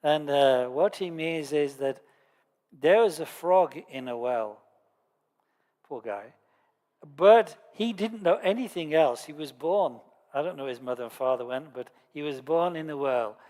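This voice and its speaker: A man's voice: a little high, lively intonation, unhurried, darkish tone. A man giving a Buddhist teaching in a lecture hall, explaining points conversationally and telling stories with dry humour. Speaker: Buddhist lama teaching a course. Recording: long hall reverb.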